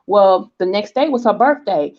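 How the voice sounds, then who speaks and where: A woman's voice: mid-range voice, moderate pace. Southern woman in her forties, lo-fi recording. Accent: Southern American. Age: 40s. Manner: animated storyteller, acts out quoted voices, checks in with "okay?". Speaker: vlog host. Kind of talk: casual storytelling chat. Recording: dull lo-fi sound.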